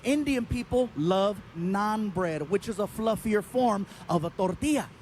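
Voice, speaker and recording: A man doing stand-up comedy on a theater stage, with an animated, playful storytelling delivery into a handheld mic. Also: sits high, a little slow, a crowd in the background. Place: theater stage before an audience.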